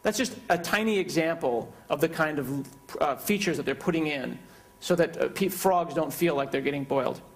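A man's voice: fairly high pitch, moderate pace. Joking man giving a keynote demo. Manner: joking, conversational. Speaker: keynote speaker. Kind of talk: live software demo presentation.

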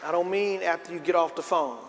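A middle-aged male pastor with a high voice preaches live, calling out for the congregation to answer back. His sermon builds to loud, emphatic peaks. The long reverb of a large church carries around him, over a faint crowd murmur and some hiss. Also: fairly quick. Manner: call-and-response preaching, rising to emphatic peaks.

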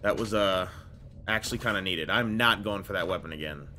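A young man giving casual, slangy let's-play commentary, breaking into loud excited outbursts and repeating phrases. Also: sits low, fairly quick, a little hiss or hum. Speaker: gaming YouTuber. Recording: game music playing behind voice. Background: game music.

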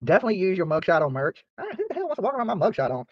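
Fast-talking profane man ranting. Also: sits high, wildly swooping pitch, dry recording. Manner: profane, boastful, trash-talking. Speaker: YouTube channel host. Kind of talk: casual rant to viewers. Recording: dry, slightly dull lo-fi sound.

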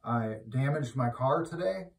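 A man giving an informal, conversational sermon who grows loud and emphatic when he exhorts. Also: medium pitch, lively intonation, measured pace, vocal fry. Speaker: preacher. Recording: roomy echo, mic at a distance.

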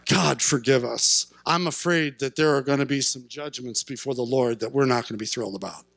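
A male pastor preaching a sermon in church, speaking earnestly and building to impassioned shouts at his peaks. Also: medium pitch, brisk, creaky, no room sound. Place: church sanctuary.

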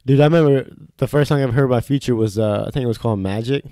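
A man co-hosting a loose podcast chat, spinning profane, animated stories and tossing "dog" into every other line. His voice sits in an ordinary middle pitch. It is picked up close and dry, with no room sound. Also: rapid-fire, no echo. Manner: profane animated storyteller, says "dog" a lot. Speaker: podcast co-host. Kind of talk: casual chat.

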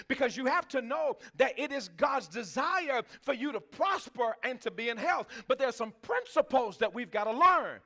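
A man's voice: extremely high pitch, pushed and bright. A man preaching a sermon as pastor, talking conversationally, asking the congregation questions and laughing often. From Texas.

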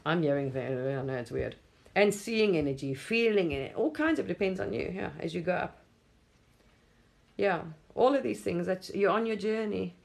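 A woman's voice: lowish voice, lively intonation, moderate pace, gravelly. A woman hosting a spiritual livestream, talking in a rambling, effusive way, often laughing and casually swearing.

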